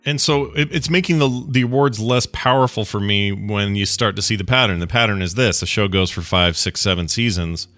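A man co-hosting a podcast talks in loose, rambling chat, lower than most men and with a bright, forceful edge. He gets animated as he goes and laughs easily. Faint music sits under the talk. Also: fairly quick, hardly any pauses. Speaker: podcast co-host. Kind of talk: casual chat.

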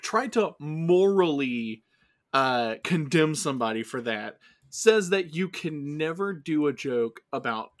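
Young male podcast co-host, rambling and restart-heavy, slightly high voice, casual chat. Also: fairly bright tone. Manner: rambling, full of restarts and fillers.

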